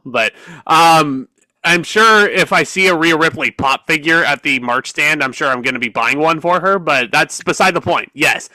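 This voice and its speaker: A man's voice: a little high, expressive, a little slow, bright, forceful tone, no room sound, rough recording. A young man co-hosting a podcast, chatting casually and with a bit of profanity in fan slang. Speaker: podcast co-host. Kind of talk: casual chat.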